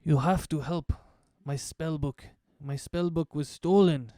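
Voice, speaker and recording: A man's voice: a little high, unhurried, mellow, no room sound, clean studio sound, voice pushed up, close to an everyday voice. A man voicing an indignant female bugbear wizard who pleads for help in a tabletop game. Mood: pleading. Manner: pleading, insistent.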